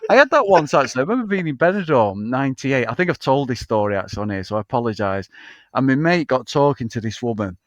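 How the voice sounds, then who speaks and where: A man's voice: medium pitch, lively intonation, fast, no echo, lo-fi sound. Sweary man telling stories. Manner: sweary, laughing anecdotal storytelling. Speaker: podcast co-host. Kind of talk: casual film podcast chat.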